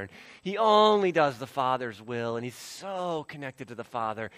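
Bright-voiced preacher, dynamic and dry. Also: male voice, medium pitch, no room sound. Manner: dynamic delivery swinging from loud emphasis to hushed near-whisper; acts out voices of biblical figures in quotes. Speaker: pastor. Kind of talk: sermon.

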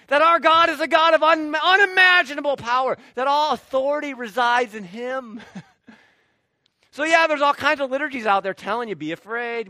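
Male pastor, sermon delivery; swings loud to hushed, tense bright tone. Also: no echo. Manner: animated, swinging from loud emphatic peaks to quiet low asides.

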